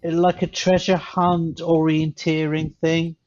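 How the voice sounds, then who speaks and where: A man co-hosting a podcast, telling rambling stories in a casual chat that grow animated. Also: a little high, takes it slowly. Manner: rambling storyteller, animated when telling a story. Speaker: podcast co-host. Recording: slightly dull lo-fi sound.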